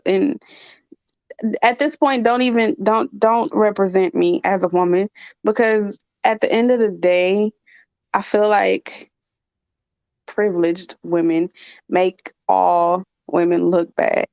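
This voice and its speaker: A woman with a gravelly, creaky voice hosts a casual chat, blunt and full of laughter. The sound is dull and lo-fi, close and dry. She tells her stories with lively energy. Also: mid-range voice, slow, dry recording. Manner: blunt, laughing, animated storytelling. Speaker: channel host.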